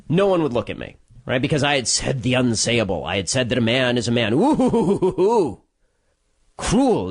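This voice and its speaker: A man delivering a solo commentary monologue, telling a story quickly with restarts and sarcastic, mocking asides. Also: medium pitch. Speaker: political commentator.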